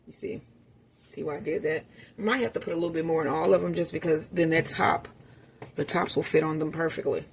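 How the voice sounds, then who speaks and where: A woman with a low, gravelly voice chats through a cooking vlog in her home kitchen. She talks straight to her viewers and calls them y'all. A faint hum of the room sits behind her. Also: steady tone, brisk. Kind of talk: casual cooking vlog narration.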